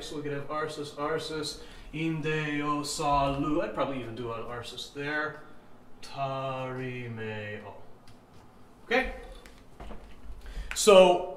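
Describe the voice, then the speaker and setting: A man with a slightly high voice, carrying a faint hiss or hum, teaches chant rhythm step by step. He counts the beats aloud, often checks in with "right?", and mixes explanation with sung examples. The room is echoey, with faint ambience.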